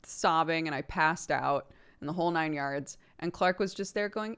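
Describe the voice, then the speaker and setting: Woman streamer host, casual chatty delivery, lower smooth voice, loose and rambling. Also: normal speed, hardly any pauses, fairly bright tone. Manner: chatty, rambling, with many "like" fillers and frequent laughs. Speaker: mother of a toddler. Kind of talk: casual chat with stream viewers.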